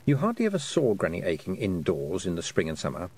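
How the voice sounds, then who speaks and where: A man narrating an audiobook in an expressive storytelling manner. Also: sits low, fast talker, breathy edge. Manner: expressive storytelling, voicing the characters. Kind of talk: scripted narration.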